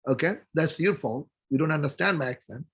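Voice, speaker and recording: Bangladeshi guy, high voice, pumped-up motivational story on a group call. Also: brisk, husky. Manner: storytelling, animated and persuasive, talking to the listeners directly. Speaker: company executive speaking on a group call.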